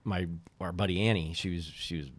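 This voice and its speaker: Animated storytelling man, low voice. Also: a little fast, no echo. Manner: animated storyteller, quotes others in lively bursts. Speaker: podcast guest, former baseball team owner. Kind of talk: casual storytelling chat.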